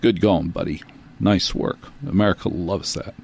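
Lower-voiced talk show host spinning a yarn. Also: male voice, moderate pace, breathy edge. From New Jersey. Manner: rambling, self-deprecating, with animated asides. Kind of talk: storytelling monologue.

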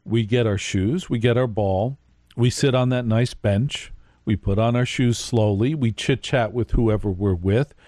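Mellow-voiced man hosting late-night radio. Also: fairly low pitch, measured pace, no echo, studio quality. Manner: rambling storyteller, talks to listeners directly. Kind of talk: live radio monologue.

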